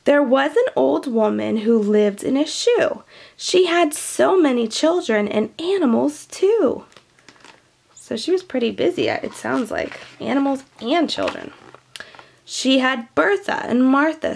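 Woman, high voice, unhurried, slight vocal fry, gentle storytime reading, chatty and teacherly. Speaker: children's storyteller. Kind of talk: reading a picture book aloud to kids.

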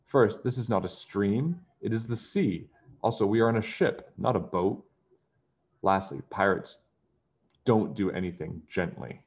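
A man voicing a bossy, blustery male pirate captain in a storybook, loud and indignant. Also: lowish voice, lively intonation, measured pace, highs cut off. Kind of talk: storybook character voice.

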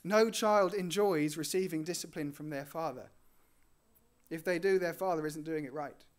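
A man preaching a sermon in an earnest way. He lifts his voice on key words and lets his lines fall soft and low at the ends. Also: normal speed. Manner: earnest, rising on key phrases and dropping softly at line ends.

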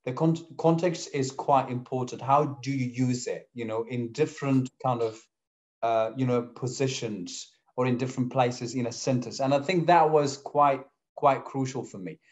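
A man's voice: medium pitch, moderate pace, a little mellow. A man whose first language is Arabic, hosting a podcast in casual conversation and explaining by acting out examples. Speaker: podcast host. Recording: dull lo-fi audio.

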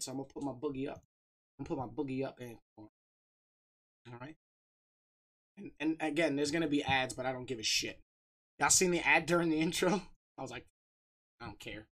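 Upbeat man streamer shouting out viewers. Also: fairly high pitch. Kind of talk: casual livestream chat.

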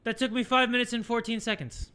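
A young man commentating a horror game playthrough, yelling and cursing at scares, then chatting casually about the game. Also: very high voice, fast talker, heavy background noise. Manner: excitable, yells and swears at scares. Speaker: gaming YouTuber. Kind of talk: let's play commentary.

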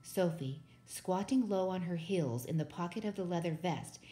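A woman's voice: on the low side, moderate pace, soft background music. Woman reading a children's book aloud. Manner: steady, expressive narration. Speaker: storybook reader.

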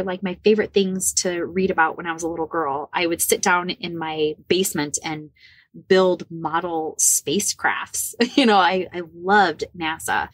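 A woman in her forties from the Midwest of the United States, telling a personal story as a podcast guest, animated and laughing often. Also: fairly low pitch, no room sound. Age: 40s. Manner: animated, laughs often, acts out quoted dialogue.

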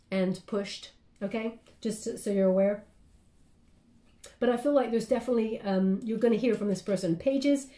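A woman's voice: a little high, mellow. Chatty woman tarot reader, roomy echo. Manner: chatty and meandering, often checking in with "okay?". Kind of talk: casual spoken tarot reading.

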